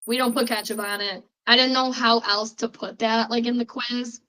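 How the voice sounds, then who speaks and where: Young woman, Chicago accent, casual podcast quiz host, bright and fairly high voice, chatty, lots of fillers. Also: little pitch movement, moderate pace, poor audio. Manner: chatty and rambling, with many fillers and restarts. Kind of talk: casual chat.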